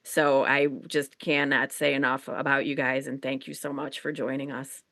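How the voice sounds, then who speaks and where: A chatty woman co-host with a bright, forward tone, talking casually in loose run-on sentences. Her voice is close and dry, with no room sound around it. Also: rumbling low, level tone, normal speed, vocal fry, dry recording. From Chicago. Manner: chatty, rambling, many fillers and restarts. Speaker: podcast co-host. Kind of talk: casual conversational interview.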